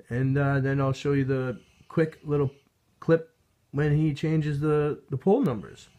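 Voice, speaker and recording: A man's voice: on the high side, fairly even intonation, takes it slowly, pauses often, mellow. Rambling, sarcastic man from Canada. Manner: rambling, sarcastic, restarts, chuckles. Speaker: vlogger. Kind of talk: casual commentary to camera. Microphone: phone held up to a TV.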